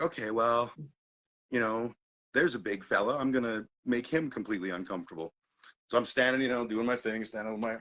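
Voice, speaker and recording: A man hosting a casual chat, telling a story with lively swings between loud and quiet and frequent laughter. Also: on the low side, rough recording. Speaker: podcast host.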